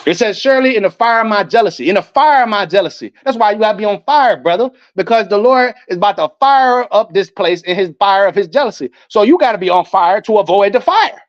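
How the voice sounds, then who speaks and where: High-voiced man preaching confrontationally. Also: lively intonation, fast, hardly any pauses, no room sound. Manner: confrontational, profane, declamatory. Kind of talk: heated sermon with scripture reading. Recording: dull, muffled lo-fi audio.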